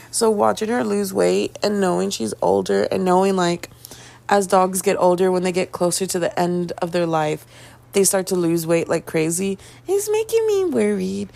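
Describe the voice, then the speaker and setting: A woman vlogger telling a casual story, acting out the quoted dialogue and playing up her own panic in a dramatic, self-mocking way. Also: gravelly. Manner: animated storytelling, acting out quoted dialogue with big pitch jumps.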